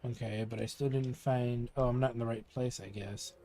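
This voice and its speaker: Guy mumbling through a game stream, laid back, mid pitch, faint music behind. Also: moderate pace. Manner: relaxed, muttering to himself while playing. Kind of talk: casual gameplay commentary.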